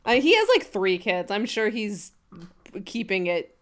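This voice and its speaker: A woman's voice: mid-range voice, sing-song, measured pace, a bit bright. Woman, podcast co-host, casual chat, sarcastic, playful. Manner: playful, sarcastic, laughs often.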